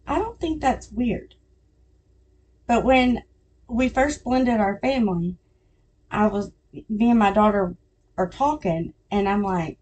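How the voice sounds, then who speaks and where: Middle-aged woman hosting a podcast, just chatting and telling stories, mellow voice, cracks herself up. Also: fairly high pitch, measured pace, long pauses. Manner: chatty storytelling, laughs at her own jokes. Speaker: podcast host. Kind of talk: casual chat.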